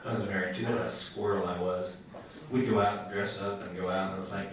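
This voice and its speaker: A male stand-up comic works the room, teasing the crowd and calling out to people in it. He is heard from well away from the mic. The club is very echoey and full of loud noise. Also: fairly low pitch, fairly even intonation, a little fast, far from the mic. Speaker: stand-up comedian. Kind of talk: stand-up comedy set. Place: comedy club. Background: audience laughter.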